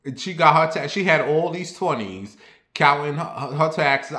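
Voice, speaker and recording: A man's voice: fairly high pitch, measured pace. Candid chatty man in an echoey room. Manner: candid and confiding, rambling with restarts; turns lively and sassy when telling stories. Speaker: vlogger. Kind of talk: casual personal chat to camera. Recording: roomy echo.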